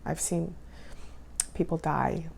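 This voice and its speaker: Thirtysomething woman telling her life story on her channel, lowish gravelly voice, acts out the quotes. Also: takes it slowly, slight background noise. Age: 30s. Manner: emotional, animated retelling with quoted dialogue. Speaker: vlogger. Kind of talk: personal storytelling.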